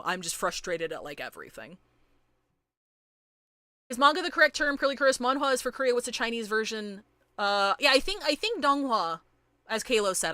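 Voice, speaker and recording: Woman streamer, bright edgy voice, worked up, rambling, apologetic. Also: mid-range voice, no echo. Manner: rambling, frustrated, apologetic, many restarts. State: agitated. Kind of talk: casual live-stream chat with viewers.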